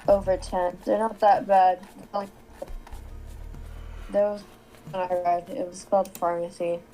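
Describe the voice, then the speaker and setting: Woman guest reader, flat and mellow, halting delivery, faint music behind. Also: lowish voice, rough recording. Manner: halting, stumbling reading. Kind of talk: reading fanfic aloud.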